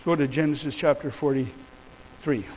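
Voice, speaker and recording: A high-pitched male pastor preaching a sermon with fervor, piling up repeated declarations. Between the big declarations he slips into a casual, storytelling way of talking. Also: unhurried, a little mellow, a little hiss or hum, low-quality recording.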